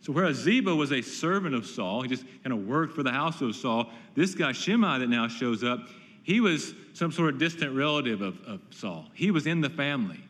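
Male pastor, emphatic sermon delivery, mid-pitched voice, long hall reverb. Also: sing-song, normal speed, fairly bright tone. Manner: earnest, emphatic preaching with repeated words.

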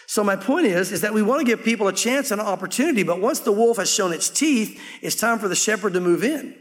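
A man's voice: high-pitched, lively intonation, fast, few pauses, long reverb tail. A man preaching a sermon as pastor, in a conversational way that slips into acting out quoted voices.

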